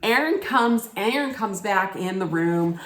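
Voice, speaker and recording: A woman's voice: mid-range voice, expressive, a little slow, fairly bright tone, a little hiss or hum. A woman ranting in a casual recap vlog, blunt, scolding and full of profanity. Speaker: reality TV recap vlogger. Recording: echoey room.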